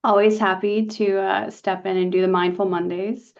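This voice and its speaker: Soft-spoken woman guiding meditation, dull audio. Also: medium pitch. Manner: calm, soft-spoken, gentle pauses. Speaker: meditation guide. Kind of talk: guided meditation talk. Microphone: video call. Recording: dull lo-fi video call audio.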